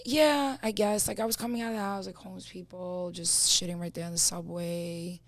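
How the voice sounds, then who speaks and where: A woman's voice: on the low side, steady tone, fairly quick, no echo. A woman, a podcast guest telling blunt, streetwise stories in casual chat, full of fillers. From Brooklyn, New York.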